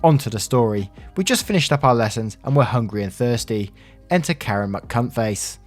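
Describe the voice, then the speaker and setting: A man's voice: mid-range voice, expressive, normal speed, faint music behind. A man narrating online stories casually, with wry asides and free swearing. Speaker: reddit story narrator. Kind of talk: casual story narration with commentary.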